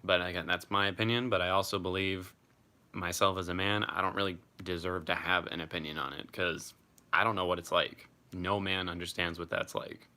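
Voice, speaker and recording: Deep, bright-toned young man chatting. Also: a little fast. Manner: relaxed, chatty, swears freely. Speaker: live streamer. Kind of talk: casual live chat reading comments.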